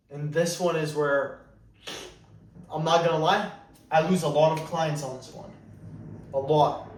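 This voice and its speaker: A man's voice: on the high side, slight background noise. A man giving dating advice as a coach in a blunt, emphatic monologue. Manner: blunt, emphatic, repeats "you better". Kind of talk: direct-to-camera advice monologue. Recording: roomy echo, mic at a distance.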